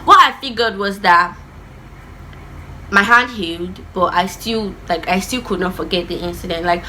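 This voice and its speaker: A young adult woman telling a personal story in a casual vlog, animated and acting out the voices of the people in it. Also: medium pitch, a little hiss or hum. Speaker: vlogger.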